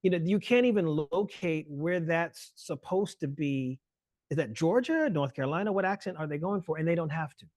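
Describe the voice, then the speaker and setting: A man lecturing in a webinar over a video call mic, explaining fast with many fillers. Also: a little high, animated, a little mellow, dry recording. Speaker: guest lecturer.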